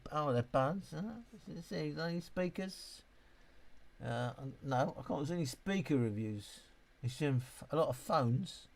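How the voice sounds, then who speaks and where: A slightly tipsy British man nearing sixty, talking off the cuff on a live stream. His voice sits a touch high for a man, and he rambles, swears freely and reads viewer comments aloud. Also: expressive, a little slow, gravelly. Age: 50s. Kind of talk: casual live-stream chat reading comments.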